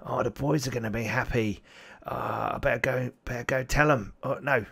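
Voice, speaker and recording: A man's voice: mid-range voice, fairly even intonation, normal speed, gravelly, bright, forceful tone, slightly rough, pitched above the performer's own voice, exaggerated voice. A man voicing a sneaky, dim-witted male goblin guard who slurps over food. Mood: greedy.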